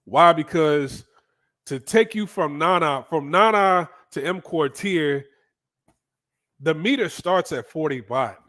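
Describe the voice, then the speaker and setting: A man from the United States casually telling a story in an animated, profane way, often checking in with the listener. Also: on the high side, takes it slowly. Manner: animated, profane, frequent "right?" asides. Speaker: vlogger.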